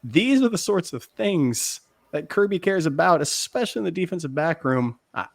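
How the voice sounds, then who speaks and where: A man's voice: fairly high pitch, very animated, moderate pace, gravelly, no room sound. A man co-hosting a casual sports podcast, talking with enthusiasm as he builds up his predictions. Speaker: podcast co-host.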